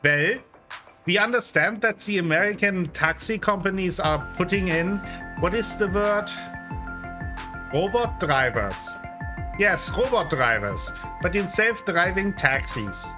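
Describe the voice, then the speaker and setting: A man's voice: sits high, animated, a little slow, voice pushed up. A man voicing a formal, blunt German male tourist in a game, with a put-on German accent and clipped phrasing. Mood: earnest. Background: game music.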